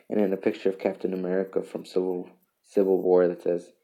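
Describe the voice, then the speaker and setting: A man hosting a casual solo podcast, reading memes aloud in a halting way with chuckles and restarts. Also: low-pitched, completely flat delivery, gravelly, warm tone. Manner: halting, self-interrupting, chuckles between lines. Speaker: podcast host.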